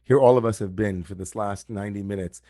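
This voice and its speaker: A man's voice: on the low side, quick pace, mellow, no room sound, studio quality. A man giving a reflective sermon as a rabbi at an online service, speaking over a video call and repeating key phrases for emphasis.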